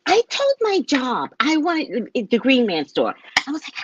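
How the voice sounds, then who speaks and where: A woman with a West Indian accent tells stories about her psychic clients in a casual, animated monologue, and her pitch swings widely as she acts out the people in them. Her voice is a little husky. The recording is dry and dull, with a muffled sound. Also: moderate pace. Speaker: psychic, show host.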